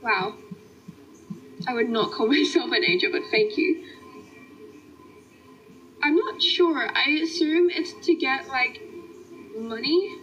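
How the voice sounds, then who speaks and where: A woman's voice: high-pitched, animated, takes it slowly, pauses often, a bit bright, a little hiss or hum. A young Australian woman chatting casually on a livestream, answering viewer comments in a friendly way. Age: young adult. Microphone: phone. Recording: dull lo-fi phone stream, faint music.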